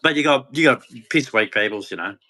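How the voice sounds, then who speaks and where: A man's voice: mid-range voice, expressive, fairly quick, bright, forceful tone. A man delivering an angry, heated rant, swearing and speaking with hard emphasis. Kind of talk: angry ranting monologue.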